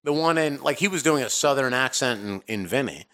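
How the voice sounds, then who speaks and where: A man's voice: medium pitch, lively intonation, a little fast, a bit bright. A man co-hosting a podcast in casual chat, wry and argumentative, often talking over the others. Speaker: podcast co-host.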